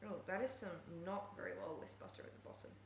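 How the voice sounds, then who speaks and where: A young woman live-streaming while she bakes at home, chatting casually and often cooing at her cat in a high sing-song voice. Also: animated, fast talker, gravelly, a little hiss or hum. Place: home kitchen. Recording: echoey kitchen room sound.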